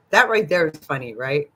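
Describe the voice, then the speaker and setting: An older woman talks to her livestream viewers in an easy, drawn-out way, taking her time between thoughts. She is gossipy and quick to giggle, and she answers the chat as if among friends. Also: sits low, fairly bright tone, husky. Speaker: livestream host. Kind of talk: casual live chat with viewers.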